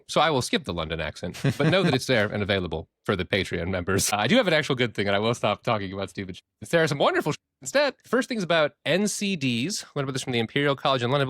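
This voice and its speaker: A man's voice: mid-range voice, fairly bright tone, no room sound, studio quality. A man co-hosting a podcast in casual chat, talking in a playful, jokey way. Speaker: podcast co-host.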